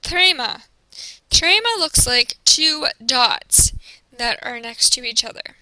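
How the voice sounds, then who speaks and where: A woman teacher giving a recorded classroom presentation, explaining slowly and carefully and modeling each pronunciation. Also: high-pitched, expressive, bright, forceful tone, no room sound, rough recording.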